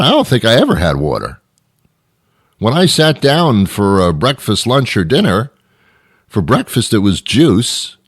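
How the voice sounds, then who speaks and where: A man's voice: on the low side, no echo, clean studio sound. A middle-aged man hosting a radio show, delivering an exasperated, rambling comedic monologue full of repeated questions.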